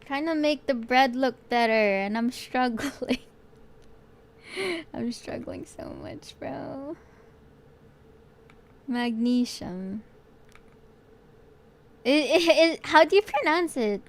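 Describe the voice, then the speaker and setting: A woman's voice: high voice, lively intonation, takes it slowly, pauses often. A woman streaming as a vtuber while she paints, chatting playfully with her viewers and swearing casually. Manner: playful, swears casually, muses aloud to chat.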